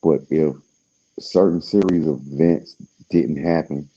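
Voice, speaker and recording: Man, very low and husky, casual rambling talker, lo-fi sound. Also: fairly even intonation, a little slow, warm tone. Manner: laid-back, slangy, trailing off with fillers.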